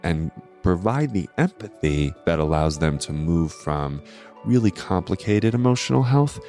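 A man's voice: deep voice, expressive, unhurried, darkish tone, faint music behind. A man hosting an astrology podcast, talking alone in an earnest, explanatory way and often adding tag questions. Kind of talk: solo podcast talk.

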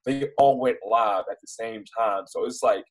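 Husky young man, Baltimore accent. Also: on the low side, moderate pace, rough recording. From Baltimore, United States. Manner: rambling, animated storyteller with many restarts and fillers. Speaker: news reporter, interview guest. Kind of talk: casual storytelling in an interview.

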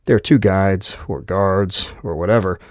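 Low-voiced male audiobook narrator. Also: a little slow, dry recording, studio quality.

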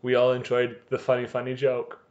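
A man's voice: mid-range voice, completely flat delivery, a little fast, a little mellow, reverberant, lo-fi sound. A man co-hosting a casual podcast chat, sweary and jokey, retelling TV scenes with the characters' lines. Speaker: podcast co-host. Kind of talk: casual chat recapping a TV episode.

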